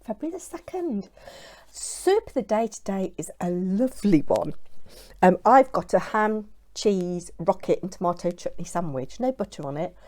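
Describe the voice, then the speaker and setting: A woman's voice: mid-range voice, big pitch swings, moderate pace, dark tone. A woman with a British accent, hosting a craft channel and chatting casually to camera at home. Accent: British English. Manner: chatty, bubbly, talking while eating.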